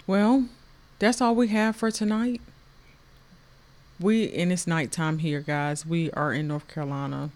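Higher-voiced man, cheerful co-host. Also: steady tone, unhurried, a little mellow. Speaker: podcast co-host. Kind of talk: casual podcast sign-off chat.

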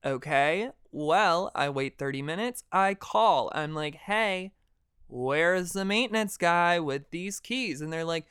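A young man hosting a podcast, telling a personal story in a dramatic, animated way and swearing freely. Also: a little high, a little slow, smooth, no echo, clean studio sound. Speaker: podcast host. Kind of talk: casual storytelling monologue.

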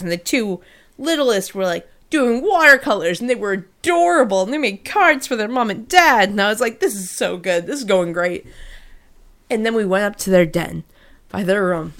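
A young woman co-hosting a casual chat show, telling animated, profanity-laced stories and acting out the people she quotes. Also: on the high side. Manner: animated storyteller, swears a lot, acts out quotes. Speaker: podcast co-host.

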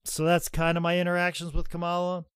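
A man's voice: high-pitched, monotone, fast, clear, resonant tone, no room sound. A man co-hosting a podcast, telling rambling, profane anecdotes and acting out other people's lines. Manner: acts out others' voices while telling stories. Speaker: podcast co-host. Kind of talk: casual storytelling chat.

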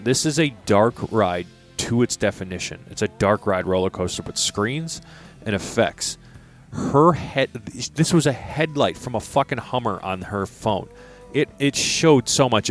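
A young man with a low voice tells a story on a casual podcast. He is exasperated and profane as he rants about other people on a ride. Faint music plays underneath. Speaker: podcast co-host.

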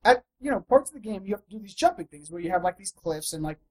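A woman's voice: mid-range voice, lively intonation, quick pace, dark tone, slightly rough, poor audio. A woman chatting casually about a video game, rambling and repeating phrases as she thinks. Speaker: podcast co-host.

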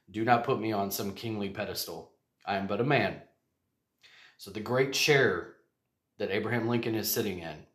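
A man hosting a podcast, talking in a rambling, jokey and earnest way. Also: lowish voice. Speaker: podcast host. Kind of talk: casual monologue.

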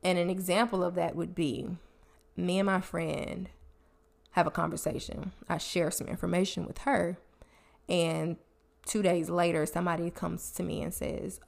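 Gravelly-voiced woman giving casual advice. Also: fairly low pitch, flat delivery, normal speed, darkish tone. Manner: casual, chatty, admits own habits. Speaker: podcast host. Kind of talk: solo podcast advice talk.

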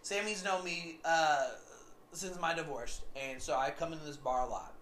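A man's voice: a little high, moderate pace, a bit bright, a little hiss or hum. A man telling a story in a casual, rambling monologue, repeating himself often. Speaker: vlogger.

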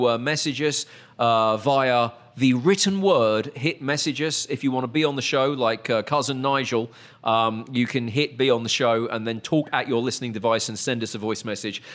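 A man's voice: medium pitch, brisk, fairly bright tone. A man with an English accent hosting a podcast, chatting casually with fillers and wry asides. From England. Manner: chatty, self-deprecating, many fillers. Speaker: podcast host.

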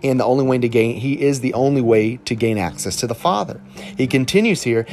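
A man with a Southern Alabama accent, the lead pastor, preaching a conversational sermon with animated, slang-filled examples. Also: medium pitch, fairly quick, soft background music.

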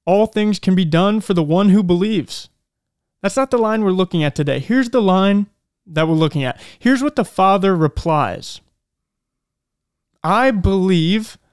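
A male podcast host gives an earnest, reflective faith talk and slows down to stress key lines. His voice is smooth and resonant. The sound is dry and close, with no room echo. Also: sits high. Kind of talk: faith-based motivational talk.

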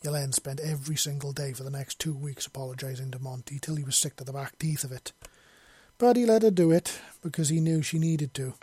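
A man's voice: a little high, brisk, mellow, breathy edge, dry recording. A man reading a long fantasy story aloud in an unpolished way, with slips and self-corrections. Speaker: story reader. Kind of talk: reading his own fiction aloud.

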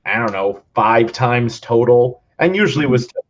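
A man's voice: mid-range voice, expressive, moderate pace. A man who is a teacher, hosting a casual podcast conversation in an easygoing, agreeable way. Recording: slightly dull, lo-fi audio.

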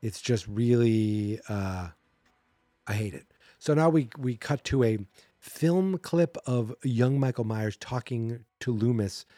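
A man talks through a movie in a loose, rambling podcast recap, sarcastic and unimpressed. His voice is dark and mellow at a middling pitch. The sound is dry and close, with no room around it. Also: lively intonation, takes it slowly, no echo. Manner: sarcastic, rambling, acts out character quotes. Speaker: podcast host.

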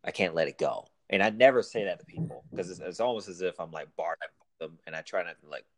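A police officer guest, a man talking through a work story in a halting, reflective way. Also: sits low, no echo. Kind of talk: casual chat.

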